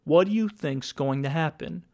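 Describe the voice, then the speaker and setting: A man's voice: on the high side, normal speed, a little mellow, natural voice. A man reading Max, a sneering hired gunman. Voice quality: sneering, mocking. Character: taunting, talkative male hired gunman.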